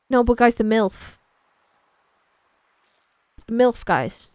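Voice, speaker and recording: A woman streamer chatters through her game, her pitch leaping up and down as she jokes at her own expense. Her voice is smooth and clear, dry and close to the mic, over faint background music. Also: animated, slow pace, long pauses, a little mellow, dry recording. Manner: chatty, self-mocking, talks to chat. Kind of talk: casual gameplay commentary.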